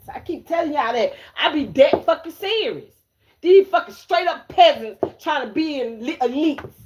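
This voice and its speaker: A fairly high-voiced woman doing a tarot reading on a livestream. She sounds brash and cursing, swaggering as she throws taunting questions at her viewers. She says lines twice over and laughs in their faces. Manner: profane, confrontational and swaggering, with mocking laughs; repeats phrases and calls out to viewers. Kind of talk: live-streamed card reading.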